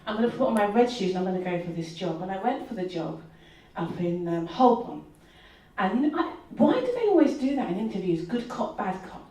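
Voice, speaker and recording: Storyteller, mid pitch, chatty and confiding, echoey hall, far from the mic. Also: female voice, sing-song, brisk, dark tone. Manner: chatty and confiding, talks to the audience. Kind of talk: live personal storytelling. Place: room at a live storytelling event.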